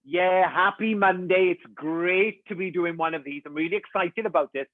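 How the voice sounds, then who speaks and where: A man's voice: high voice, normal speed, no echo, phone-quality sound. A cheerful, chatty man with a Welsh accent, a bit congested from hay fever, chatting as co-host. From Wales. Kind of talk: casual chat.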